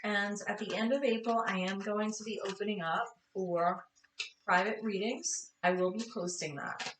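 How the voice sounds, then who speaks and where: A woman's voice: mid-range voice, steady tone, moderate pace, fairly bright tone, roomy sound, distant mic, a little hiss or hum, low-quality recording. A woman giving a casual tarot reading, tired and chatty, apologizing and correcting herself as she goes. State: tired, yawning. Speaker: tarot reader.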